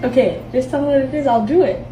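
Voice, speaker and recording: A woman's voice: high-pitched, fast talker, roomy sound, recorded from a distance, noisy background. A woman at home being filmed on a phone, confused and laughing nervously as she keeps asking what is going on. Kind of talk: casual home video chat. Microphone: phone camera.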